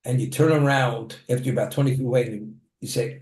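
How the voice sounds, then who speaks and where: A man's voice: medium pitch, steady tone, quick pace, darkish tone, echoey room. A man delivering a plain-spoken sermon, telling a story from his own life with the occasional restart.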